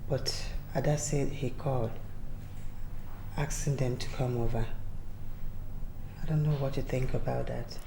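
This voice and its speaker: A woman's voice: extremely low pitch, fairly even intonation, a little slow, gravelly, long pauses, roomy sound, background noise, exaggerated voice. An actress with a Nigerian accent playing a formal, polite mother visiting a sick man. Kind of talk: film drama acting.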